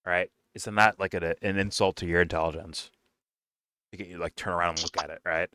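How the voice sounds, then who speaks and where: A man's voice: sits low, steady tone, a little fast, fairly bright tone, no echo, clean studio sound. A man reacting live to a clip, talking to his audience in a profane, mocking way. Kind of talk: casual reaction commentary.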